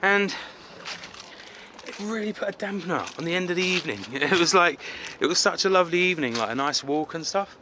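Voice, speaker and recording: A man from England rambles through a casual outdoor travel vlog in a city, full of self-mockery and filler words. His high voice is lively in intonation, brisk, bright and forceful, against slight background noise.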